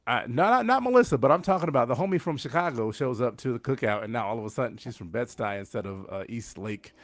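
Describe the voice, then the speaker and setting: A man's voice: mid-range voice, lively intonation, fast, dry recording. A man hosting a casual group podcast, prodding his guests with question after question. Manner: prodding, asks many questions. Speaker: podcast host.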